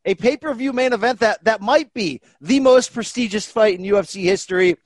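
A man hosting a podcast, talking in a hyped, jokey, animated way. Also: high-pitched, brisk, dry recording. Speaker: podcast host. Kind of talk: energetic podcast chat.

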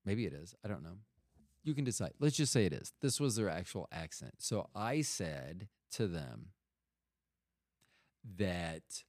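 A man's voice: low voice, big pitch swings, unhurried, darkish tone, no echo, studio quality. A middle-aged man telling a rambling, profane story in casual talk, often cutting himself off. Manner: rambling, profane, self-interrupting.

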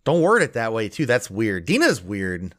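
A man's voice: fairly low pitch, huge pitch swings, normal speed, fairly bright tone. A man co-hosting a podcast, talking in a laid-back, crude, rambling way. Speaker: podcast co-host. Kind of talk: casual chat.

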